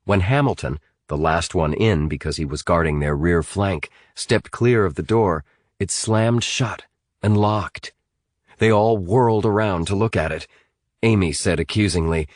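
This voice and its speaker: A man reading a thriller audiobook in an expressive, dramatic way. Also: low voice, unhurried, no echo, clean studio sound. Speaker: audiobook narrator. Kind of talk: scripted audiobook narration.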